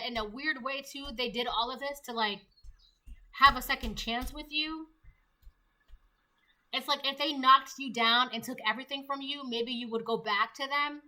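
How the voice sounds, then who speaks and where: A tarot reader gives a casual reading, chatting away, acting out the voices she quotes and laughing at her own jokes. Her voice sits high, pushed and bright.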